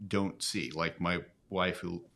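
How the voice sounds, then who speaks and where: Low-voiced man musing as host. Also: steady tone, takes it slowly, creaky, a bit bright. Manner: reflective, musing. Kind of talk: casual commentary.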